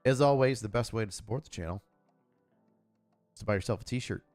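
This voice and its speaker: A man hosting his own live stream, talking casually in a loud, crude, joking and rambling way. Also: fairly low pitch, a little fast, soft background music. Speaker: channel host.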